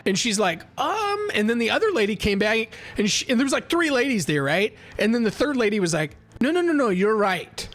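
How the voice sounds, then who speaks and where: A young man streaming live, telling an animated, profane story and reading chat. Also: high-pitched, fairly quick, few pauses. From United States. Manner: animated and profane, acts out heated exchanges.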